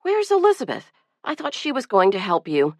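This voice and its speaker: Lady reading as a mom in an audiobook, higher and bouncy, soothing the kids. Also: wildly swooping pitch, moderate pace, no room sound, clean studio sound, heavily acted. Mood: coaxing. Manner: bright, coaxing, motherly. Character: busy warm mother, middle-aged woman. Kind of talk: audiobook character voice.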